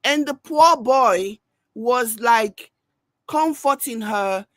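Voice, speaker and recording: Slow-talking woman reacting. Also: fairly high pitch, dry recording. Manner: animated, mimics people she discusses. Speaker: reaction video host. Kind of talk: reaction commentary.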